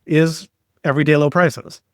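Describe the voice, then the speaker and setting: A man as a podcast guest, explaining his ideas in a steady way with stories and examples. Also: a little high, normal speed, no room sound, clean studio sound. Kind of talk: explanatory interview talk.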